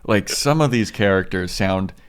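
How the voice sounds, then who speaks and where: Man, podcast co-host, very low voice, laid-back profane chat. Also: moderate pace, clear, resonant tone. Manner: loose and profane, says dude. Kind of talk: casual chat.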